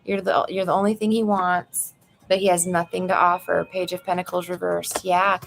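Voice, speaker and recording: A woman's voice: fairly low pitch, level tone, normal speed, gravelly, a little hiss or hum. A woman giving a live tarot reading from her apartment into a phone, chatty and blunt, calling the viewer "girl". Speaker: tarot reader. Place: apartment room at home.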